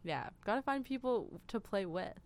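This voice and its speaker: A woman's voice: mid-range voice, expressive, normal speed. A woman hosting a casual radio interview, chatty and giggly, with lots of fillers. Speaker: radio host.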